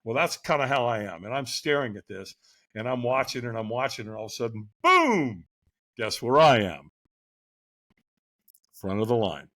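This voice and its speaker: A man guest on a podcast, telling a personal story in an animated way, often checking in with a quick "right?". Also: mid-range voice. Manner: lively, keeps asking "right?".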